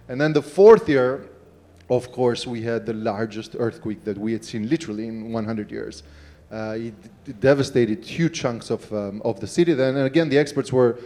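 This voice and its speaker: Mayor on a panel, man, warm mellow tone, relaxed storytelling. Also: mid-range voice, fairly quick. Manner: relaxed storytelling, many fillers. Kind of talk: panel speech with anecdote.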